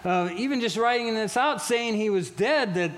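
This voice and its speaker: High-pitched guy preaching, gets loud and worked up, repeats himself a lot, then goes quiet and soft on the sad parts. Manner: animated and emphatic, often repeating words and restarting phrases; drops to a quieter, slower tone for solemn stories. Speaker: pastor. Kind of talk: sermon.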